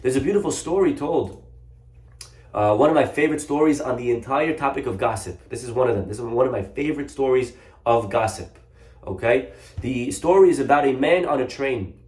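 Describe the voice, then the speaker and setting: A man, a rabbi, telling a story in a Torah lesson, animated and acting out the characters. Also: mid-range voice, fairly quick. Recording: echoey room.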